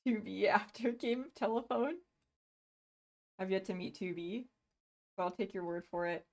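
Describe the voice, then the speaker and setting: A woman's voice: medium pitch, a little mellow. Woman streamer just chatting, gushes over stuff, stumbles and restarts a lot, laughs easy. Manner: gushing, rambling, quick to laugh, frequent restarts. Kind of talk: casual live-stream chat.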